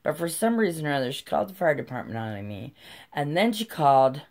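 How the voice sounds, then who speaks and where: A woman's voice: deep voice, big pitch swings, fairly quick, darkish tone. A middle-aged woman telling a personal story in a casual, profane, heated way.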